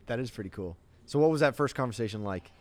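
A man's voice: mid-range voice, expressive, fast, a little mellow. A man hosting a casual interview, asking short, easygoing questions and laughing along. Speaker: podcast host.

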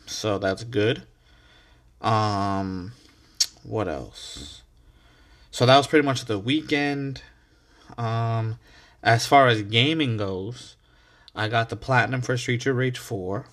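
Speaking slowly with many pauses, this podcast host has a mid-range, fairly bright voice. He's alone on the mic, laid-back and coffee-fueled, rambling, restarting words, and cursing casually.

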